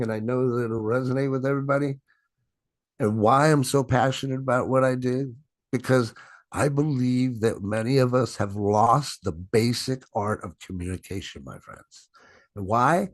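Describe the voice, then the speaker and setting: This is a middle-aged man leading a sales training session over a video call. He speaks at a middle pitch and stresses and draws out words for effect. His voice sounds dry and close, with no room echo. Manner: emphatic, stretches and stresses words; frequent "right?" tag questions. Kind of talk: business training presentation.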